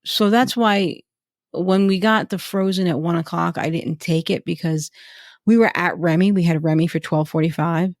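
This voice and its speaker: A woman in casual podcast chat, telling trip stories with quick asides. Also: fairly low pitch, steady tone, a little mellow, no room sound, studio quality. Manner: chatty storyteller, quick asides. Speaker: podcast guest.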